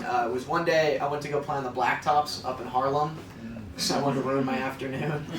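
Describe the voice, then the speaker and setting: A man's voice: a little high, fairly bright tone, distant mic, a little hiss or hum. A young man from the Midwest doing a self-deprecating stand-up comedy set, chatting with the crowd on a club stage. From American Midwest. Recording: roomy live club sound, crowd laughter. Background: audience laughing.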